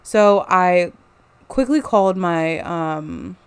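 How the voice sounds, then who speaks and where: Woman, 20s, casual storytime vlogger; chatty, filler-heavy delivery, lower-pitched and crisp. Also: slow, no echo. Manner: chatty, animated retelling with lots of "like". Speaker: college student.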